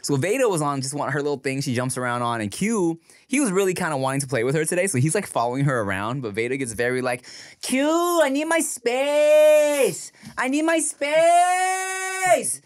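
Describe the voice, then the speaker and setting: A man's voice: mid-range voice, lively intonation, fast talker, few pauses, dry recording, studio quality. A man co-hosting a casual podcast chat, telling stories in slangy talk and laughing often. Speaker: podcast co-host.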